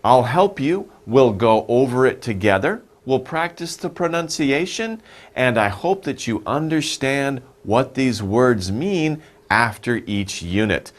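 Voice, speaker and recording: A man leads an English vocabulary lesson at an unhurried pace. His pitch rises and falls a lot as he asks the listener questions. He repeats each new word slowly and encourages practice. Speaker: English teacher.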